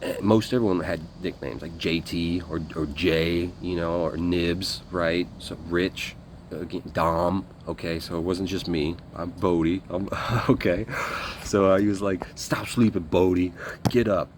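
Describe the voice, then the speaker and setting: A man's voice: low-pitched, fairly even intonation, measured pace, slight background noise. A man telling a story about his military days in a casual, rambling way, blunt and full of fillers and swearing. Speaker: guest recounting military service.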